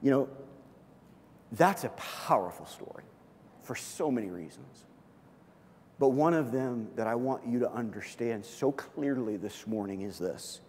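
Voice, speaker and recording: A man's voice: medium pitch, expressive, unhurried, pauses often, darkish tone, slight background noise. A man, a pastor, preaching a sermon in an earnest, conversational way, repeating phrases for emphasis. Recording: long hall reverb.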